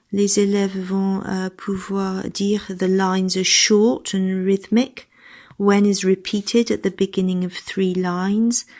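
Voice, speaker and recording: A woman's voice: medium pitch, a little mellow. A woman giving lesson guidance to teachers, moving between instructions and read-aloud English model answers. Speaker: teacher trainer.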